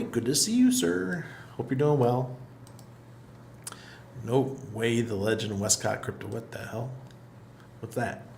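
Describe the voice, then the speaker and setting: A middle-aged man hosting a casual livestream, reading viewer comments aloud in a loose, chatty way and laughing often. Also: medium pitch. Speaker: livestream host. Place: apartment in Panama.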